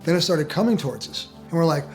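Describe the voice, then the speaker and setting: Brief: rapid-fire man, slightly high voice, excited storyteller, faint music behind. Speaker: interviewee. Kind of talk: documentary interview recounting a sighting.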